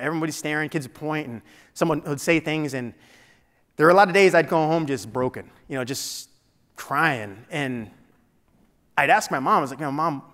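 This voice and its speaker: A man's voice: fairly high pitch, a bit bright. A man giving a motivational keynote speech, telling a personal story in a conversational way with frequent restarts. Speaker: keynote speaker. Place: large meeting hall. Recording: long hall reverb.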